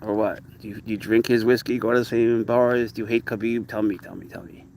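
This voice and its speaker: A man's voice: lowish voice, steady tone, fairly quick, creaky, a little mellow, slight background noise. A man casually chatting while out with his pet cat, rambling about life and switching into cooing baby talk for the animal. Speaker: cat owner vlogger. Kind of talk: casual outdoor vlog chat. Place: outdoors by a lake.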